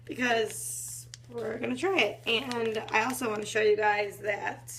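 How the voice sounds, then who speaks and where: A woman's voice: on the high side, fairly even intonation, a little slow, vocal fry, fairly bright tone, slight background noise. A young woman in her twenties vlogging at home in the morning, chatting in a rambling way full of fillers, with a groggy morning voice. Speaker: fitness vlogger. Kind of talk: casual morning vlog chat.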